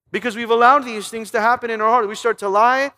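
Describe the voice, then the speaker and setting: High-voiced man preaching a sermon. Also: pushed and bright. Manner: preaching with rhetorical questions, reading scripture aloud; emphatic, with repeated stumbles and restarts. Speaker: pastor.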